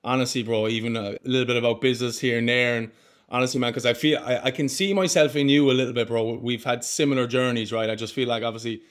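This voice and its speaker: An earnest young man in his twenties, speaking as a podcast guest in a heartfelt, casual way. His pitch sits in a middle range, and his talk is loose and friendly, full of "mate" and "bro". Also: fairly even intonation, fast talker. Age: 20s.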